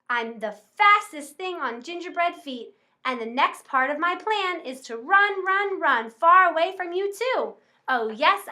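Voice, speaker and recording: A woman's voice: very high-pitched, sharp tone, heavily acted. A woman voicing a cheeky, boastful gingerbread cookie boy in a taunting sing-song chant for a storybook.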